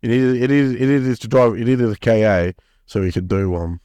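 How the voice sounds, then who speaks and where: A man's voice: mid-range voice, fairly even intonation, normal speed, dark tone, clean tone, no room sound. A man co-hosting a football podcast, rambling and swearing, laughing often. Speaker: podcast co-host. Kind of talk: casual football chat.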